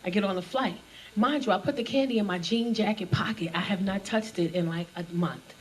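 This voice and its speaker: Speaking briskly in a mid-range voice, a female stand-up comedian in her thirties works a club stage with a handheld mic. Her storytelling is brash and profane, she imitates the people she quotes, and the audience laughs throughout.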